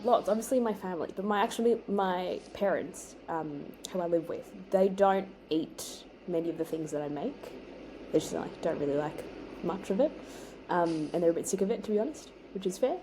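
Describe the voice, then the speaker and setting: Chatty low-pitched woman baking. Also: rough recording. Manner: chatty, laughs often, lively emphasis. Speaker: home baker and co-host. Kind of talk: casual chat while baking. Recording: noticeable background noise.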